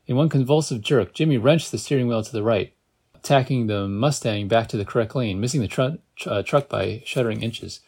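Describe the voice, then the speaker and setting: A man's voice: medium pitch, brisk, a little mellow, slightly rough. Amateur reader, man, casual read-aloud with joking asides and stumbles. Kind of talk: reading a novel aloud.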